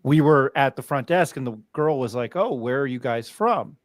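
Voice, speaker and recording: A man's voice: medium pitch, expressive, moderate pace, no echo. A man from New Mexico hosting a podcast, telling stories casually with many fillers and restarts. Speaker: podcast host. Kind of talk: casual chat.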